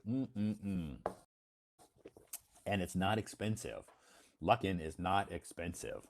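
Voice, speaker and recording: An American man, an English teacher hosting a live stream, chatting casually in a slow, deliberate way with frequent "uh"s. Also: deep voice, lively intonation, vocal fry, slight background noise. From United States.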